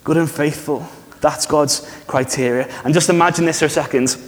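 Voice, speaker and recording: A man preaching a sermon in a church, conversational and animated, often asking the congregation questions. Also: fairly high pitch, normal speed. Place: church hall. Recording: reverberant church hall.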